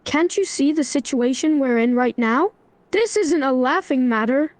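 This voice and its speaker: A synthetic female voice reading the lines of a stern young man who lectures in an even tone. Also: sits high, normal speed, no echo.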